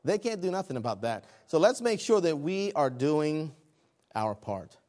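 Male pastor, lively high voice, preaching with big swings from loud to soft. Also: moderate pace. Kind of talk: sermon.

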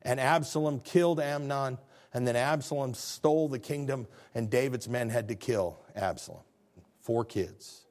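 A man preaching a sermon as pastor, talking conversationally and swinging from low, quiet stretches to loud, high ones. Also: normal speed.

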